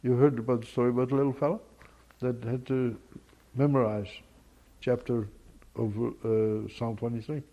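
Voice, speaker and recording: Man, preacher, husky voice, sermon, quiet musing broken by loud emphatic outbursts. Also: mid-range voice, fairly even intonation, normal speed, long pauses, muffled recording.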